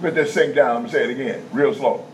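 A man preaching a teaching sermon in a conversational style, checking in with the congregation and repeating key points slowly in vernacular speech. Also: mid-range voice. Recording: dull lo-fi sound with faint background noise.

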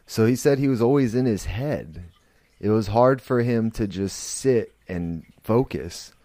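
Low, slow, profane man ranting. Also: animated, warm tone, dry recording. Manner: blunt, profane, rambling with restarts. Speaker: podcast host. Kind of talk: casual monologue.

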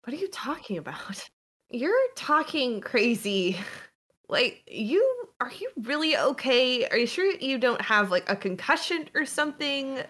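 Brief: woman doing a brash, threatening woman convict, swaggering, pitch swings wildly. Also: very animated, unhurried, a bit bright, exaggerated voice. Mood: teasing. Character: brash tough woman prison inmate, cocky.

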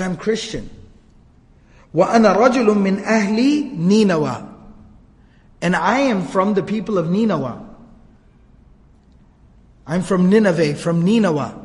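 A man's voice: high voice, big-room sound. A man giving a religious history lecture, animatedly retelling a story, reciting Arabic lines and translating them, repeating phrases for emphasis.

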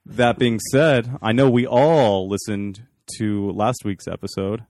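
A man's voice: lowish voice, steady tone, slow pace, a little mellow, no room sound, studio quality. A man hosting a podcast, chatting casually and teasing his co-hosts. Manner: teasing, jokey banter. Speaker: podcast host.

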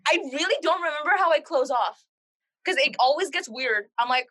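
A young woman hosting a casual podcast in a high, bright voice. She is playful and blunt, quick to poke fun at her guest. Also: lively intonation. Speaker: podcast host. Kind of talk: casual chat.

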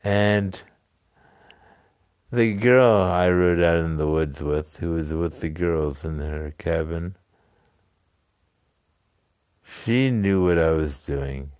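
A man casually telling a story, halting now and then with restarts and asides. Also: deep voice, a little mellow, no room sound, studio quality.

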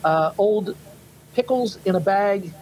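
A man's voice: sits high, slow, darkish tone, a little hiss or hum, poor audio. A man co-hosting a casual chat show, rambling and hesitant with many fillers. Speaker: podcast co-host.

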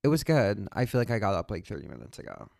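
A young woman hosting a podcast from her bedroom, hoarse today, blunt and joking with casual swearing. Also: rumbling low, sing-song, quick pace, a little mellow. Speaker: podcast host. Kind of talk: casual chat. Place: own bedroom.

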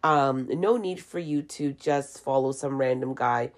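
A woman's voice: extremely low pitch, a little slow. A woman with a cough doing a casual, blunt, opinionated monologue at home, swearing freely. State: has a cough. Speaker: vlogger.

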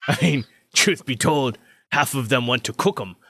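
A man voicing a scruffy, rough-spoken male armorer who jokes and laughs often. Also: mid-range voice, a little slow, fairly bright tone. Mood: joking.

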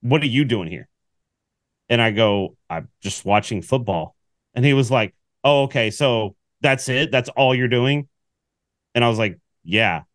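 A man co-hosting a casual sports podcast, telling a story with lively acted-out quotes. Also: mid-range voice, a little slow, dry recording, studio quality. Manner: animated storyteller, acts out quotes. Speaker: podcast co-host.

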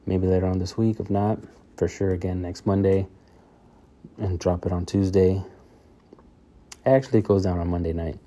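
A man's voice: deep voice, fairly even intonation, normal speed, pauses often, warm tone. A man hosting his own podcast, chatting loosely on his own with lots of fillers and restarts. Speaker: podcast host. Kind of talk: casual solo podcast chat.

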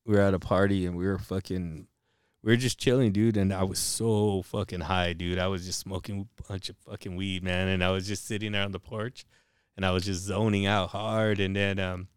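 A man's voice: low-pitched, little pitch movement, fairly quick, smooth, dry recording, studio quality. A young man co-hosting a casual chat, rambling through stories with constant swearing. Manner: laid-back, swears constantly, rambling storyteller. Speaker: podcast co-host.

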